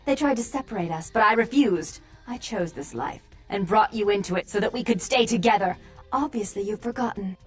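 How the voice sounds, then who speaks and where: A woman's voice: mid-range voice, fairly quick, faint music behind, lightly acted. A woman voicing a volatile vampire seductress. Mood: quarrelsome.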